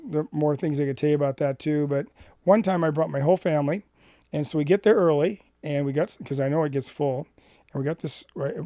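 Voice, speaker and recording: A middle-aged man from Washington State telling a personal ministry story in an animated way, acting out the dialogue. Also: fairly high pitch, no echo, studio quality. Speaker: Christian ministry speaker.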